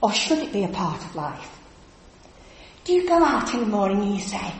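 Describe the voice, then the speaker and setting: Animated woman preaching in echoey hall. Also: mid-range voice, normal speed, long pauses, a little hiss or hum. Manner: chatty, animated storytelling with laughs. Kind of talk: lively church talk. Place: church hall. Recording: echoey church hall from a distance.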